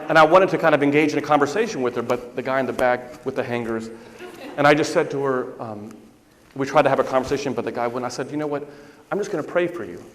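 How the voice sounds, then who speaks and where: A middle-aged priest giving a sermon, telling a story in a conversational way and repeating lines for emphasis. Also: male voice, mid-range voice, slight background noise. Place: church sanctuary. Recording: reverberant church hall.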